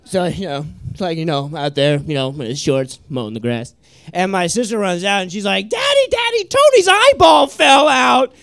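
A young man telling a stand-up story, animated and laughing, with many "like"s. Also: on the high side, a little fast, smooth, no room sound. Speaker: stand-up comedian.

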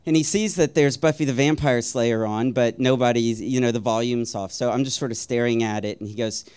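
A man telling a personal story in a wry, self-deprecating way, rambling a little with ums and uhs and soft chuckles. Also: medium pitch, steady tone, brisk, smooth.

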